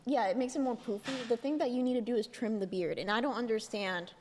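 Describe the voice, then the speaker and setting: A woman's voice: a little high, fast, a little mellow, long reverb tail. Blunt, teasing woman co-host. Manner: blunt, teasing and profane, with frequent fillers. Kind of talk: casual podcast chat.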